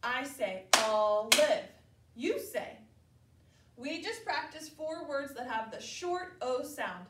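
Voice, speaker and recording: A woman teaching a preschool class, her voice a bit high and her speech slow and deliberate. She sounds out letters with exaggerated care. The recording is roomy and picked up from some distance. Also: animated, heavy background noise. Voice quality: clear, exaggerated enunciation of sounds. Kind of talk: slow, deliberate classroom instruction to young children. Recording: echoey room, distant mic.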